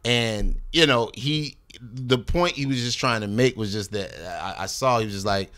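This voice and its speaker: A man with a mid-range, slightly bright, smooth voice talks at a normal speed in a dry recording. As a recording artist guest on a podcast, he relaxes into a long story, cursing freely, voicing the people he quotes, and dropping "you know what I mean."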